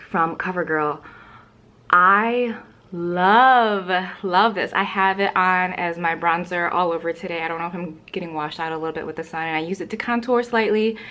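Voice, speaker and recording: At home and speaking to camera, a young beauty vlogger chats casually about makeup. Her voice sits on the low side with a sharp tone, and she rambles with plenty of fillers while sounding a little out of breath.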